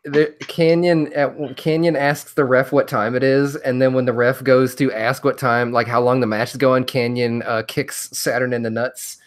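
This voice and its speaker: A man's voice: mid-range voice, flat delivery, normal speed, hardly any pauses. Easygoing man recapping wrestling matches. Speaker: podcast co-host. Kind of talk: casual chat recapping wrestling.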